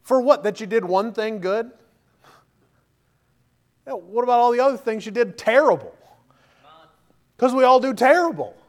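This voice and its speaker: A male preacher with a notably high voice delivers a lively sermon. He presses his listeners with rhetorical questions and reads verses aloud between his points. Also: moderate pace, pauses often.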